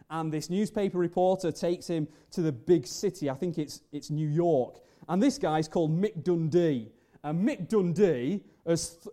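High, mellow-voiced preacher. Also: male voice. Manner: earnest, rhetorical questions, builds emphasis. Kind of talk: sermon.

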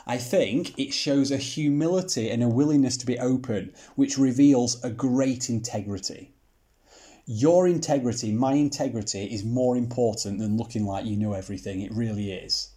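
A man's voice: medium pitch, normal speed, warm tone. A man giving a Bible teaching talk, asking rhetorical questions and using mildly sarcastic humor.

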